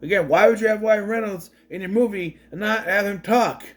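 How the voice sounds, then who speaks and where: A man's voice: sits high, brisk. A man casually recapping a film, wry and digressive, with frequent restarts and asides. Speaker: movie recapper.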